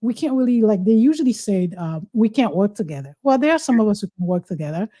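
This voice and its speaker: A woman's voice: medium pitch, expressive, fast, mellow. A woman host, chatting in an exuberant, teasing, exclamatory way. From Haiti. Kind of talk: casual talk-show chat.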